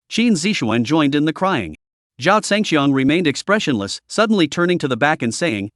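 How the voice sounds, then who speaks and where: A man's voice: on the high side, big pitch swings, brisk, dry recording. Guy narrating a drama recap, voice jumps around a lot, dry close sound. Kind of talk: scripted story narration.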